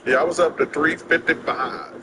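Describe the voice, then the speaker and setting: Older man telling animated anecdotes. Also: on the high side, very noisy. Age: 60s. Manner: animated, drawling anecdotes with quick laughs. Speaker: interview guest. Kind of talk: casual storytelling chat.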